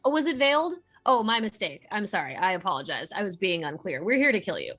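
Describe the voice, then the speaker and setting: A woman's voice: mid-range voice, sing-song, fast talker, fairly bright tone, soft background music. Sarcastic woman at a tabletop game. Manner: sarcastic, mock-polite threats. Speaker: player. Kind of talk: playing her character in a tabletop game.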